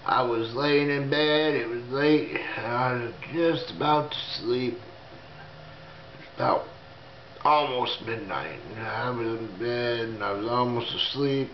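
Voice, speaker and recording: A man telling a dramatic first-person story in a slow, halting, fearful way, using folksy grammar. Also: mid-range voice, slight background noise. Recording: echoey room, dull lo-fi sound.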